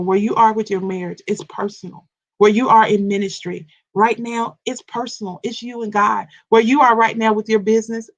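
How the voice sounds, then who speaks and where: In a live morning devotional, a woman with a mid-range voice coaches and ministers, speaking straight to her listeners. She repeats herself and restarts with stammers.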